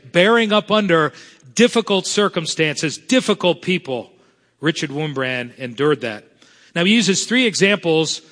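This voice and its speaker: Earnest pastor preaching in a reverberant hall. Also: male voice, a little high, fairly bright tone. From South Florida. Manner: earnest preaching, slows to stress scripture. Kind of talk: sermon.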